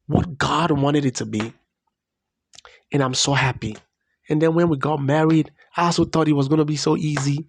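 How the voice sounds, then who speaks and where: Guy vlogging his story, earnest and animated, dry close sound. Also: fairly high pitch, moderate pace, long pauses, no room sound. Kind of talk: personal storytelling vlog.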